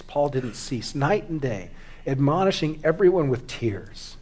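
A middle-aged man preaching from the pulpit in a notably high voice. He drops to a hushed near-whisper in reflective moments, then climbs into loud, fervent urgency as he presses his point. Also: very animated, unhurried. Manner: swings from hushed, quiet confession to loud, fervent exhortation. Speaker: pastor. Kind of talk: sermon.

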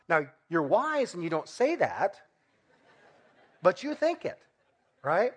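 A man's voice: high voice, big pitch swings, slow pace, long pauses, husky. A middle-aged man preaching a sermon in a conversational way, asking rhetorical questions and acting out everyday examples. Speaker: pastor.

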